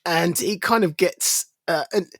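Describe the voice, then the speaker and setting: A man's voice: high-pitched, measured pace, a bit bright, no echo, studio quality. A man co-hosting a casual podcast, recapping a film in a rambling way, laughing and losing his thread. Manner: rambling, giggly recapper who loses his train of thought. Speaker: podcast co-host. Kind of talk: casual chat.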